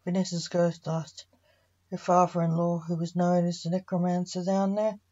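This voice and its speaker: A woman reading her own story aloud, giving the characters' lines in a plain, unhurried voice. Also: fairly low pitch, flat delivery, dark tone, lo-fi sound.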